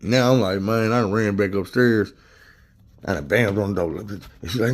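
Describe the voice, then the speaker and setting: Deep-voiced man telling a story, slangy and animated. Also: moderate pace. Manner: animated, slangy, profane, acts out quotes. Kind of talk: casual storytelling.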